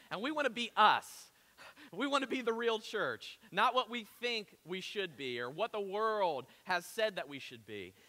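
A man's voice: high-pitched, bright, forceful tone, big-room sound. A man preaching a sermon to his church, telling stories in a chatty, conversational way with asides. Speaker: pastor. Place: church auditorium.

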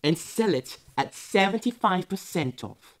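A woman playing a smooth, threatening male restaurant boss in a comic sketch, coaxing slowly and then making threats. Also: lowish voice, lively intonation, slight background noise. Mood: menacing. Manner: slow, creepy coaxing turning to threats.

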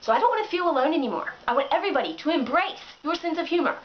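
A woman's voice: high voice, lively intonation, racing, dull audio. A woman vlogger ranting sarcastically into the camera in a casual way, with plenty of filler words.

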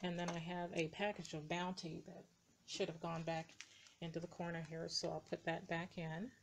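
Low-voiced woman, hesitant show-and-tell. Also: flat delivery, background noise. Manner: slow and hesitant, many ums and uhs. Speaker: dollhouse hobbyist showing her builds. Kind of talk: casual show-and-tell narration. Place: indoors beside a dollhouse, camera moved by hand.

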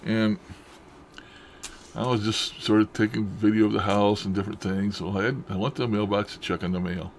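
A man's voice: lowish voice, steady tone, brisk, a little hiss or hum. Folksy, chuckling man telling ghost stories. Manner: folksy, chuckling, loose grammar, trails off and restarts. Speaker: paranormal vlogger. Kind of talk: casual rambling storytelling to camera.

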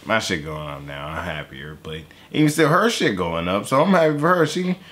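A young man hosting a reaction video, talking in animated, profane, joking banter. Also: low voice, normal speed, slight background noise. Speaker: YouTube reaction host. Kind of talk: casual reaction chat.

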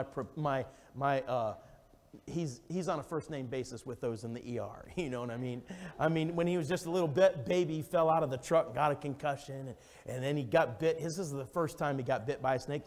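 Fervent male revival preacher, echoing church. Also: a little high. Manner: fervent, swings from loud exclamations to hushed storytelling. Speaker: evangelist preacher. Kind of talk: revival sermon. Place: church sanctuary. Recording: long church reverb.

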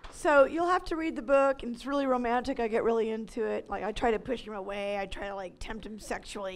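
A woman with a high, light voice pours out her testimony to an audience as a ministry leader. She talks with great animation, rising to loud cries and then dropping to near-whispers, like a passionate preacher sharing her story. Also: steady tone, quick pace, hardly any pauses, a little hiss or hum. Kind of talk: emotional testimony talk to an audience.

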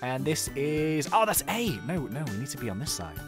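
A man's voice: medium pitch, very animated, moderate pace, over music. A man giving casual, playful game commentary, thinking aloud as he plays. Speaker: gaming YouTuber.

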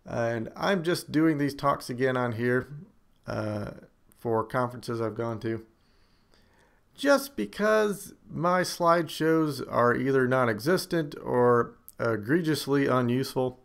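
A man's voice: medium pitch, animated, slow pace, creaky. A man hosting a screencast, talking casually with wry, self-deprecating humor and emphatic asides. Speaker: screencast host.

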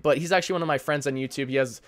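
A man's voice: on the high side, rapid-fire, fairly bright tone. A young man hosting a casual Q&A vlog, venting in a rambling, profane way with many fillers. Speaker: YouTube airsoft channel host.

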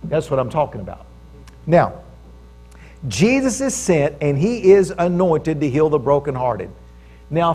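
Male preacher, fairly high voice, conversational sermon, checks in with the congregation. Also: darkish tone. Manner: conversational preaching, stresses key phrases, often asks the audience for agreement. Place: church service with audience.

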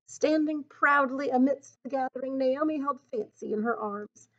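A woman reading a picture book aloud in an expressive, teacherly way, pausing to think aloud about the story. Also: high-pitched. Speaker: storybook reader. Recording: dull lo-fi recording.

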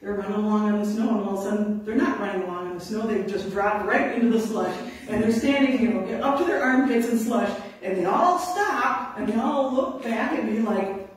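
A woman, a conservation officer, telling lively stories to an audience and acting out the quotes. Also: medium pitch, a little fast. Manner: animated, laughing, acts out quotes. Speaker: conservation officer giving a talk. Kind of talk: storytelling to an audience. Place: indoor talk venue. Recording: very echoey room from a distant mic.

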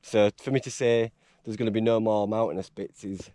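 A man's voice: lowish voice, fairly even intonation, brisk, mellow, dry recording, clean studio sound. Emotional English man on a mountain. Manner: emotional, rambling, laughs often. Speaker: hiker vlogger. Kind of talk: casual vlog talk. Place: outdoors on a high mountain trail.

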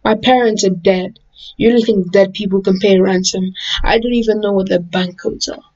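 A woman's voice: mid-range voice, steady tone, moderate pace, darkish tone, far from the mic, muffled recording, natural voice. A woman voicing an orphaned boy who answers threats with blunt, matter-of-fact retorts, in a fan-made spoken story. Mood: deadpan. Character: orphaned boy, cold calm and defiant.

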